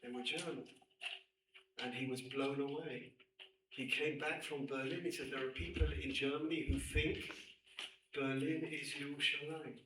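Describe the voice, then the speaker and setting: A middle-aged man, a rabbi, lecturing women students and telling a personal story with emphatic, animated delivery. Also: a little high, normal speed. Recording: echoey room, distant mic, faint noise.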